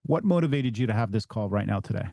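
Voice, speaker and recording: A man's voice: fairly low pitch, animated, fast talker, warm tone, no echo, clean studio sound. A man practicing a sales call as a trainee, hesitant and restarting often.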